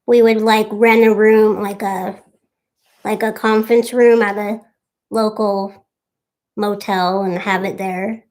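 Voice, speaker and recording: A woman's voice: mid-range voice, level tone, takes it slowly, a little mellow. A young woman co-hosting a casual live stream, chatting and thanking viewers by name.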